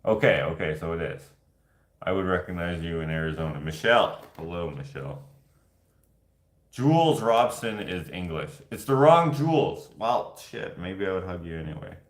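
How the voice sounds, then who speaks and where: A man's voice: low voice, animated, moderate pace. A man vlogging and answering viewer questions in casual chat, rambling and jokey, laughing easily. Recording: echoey room.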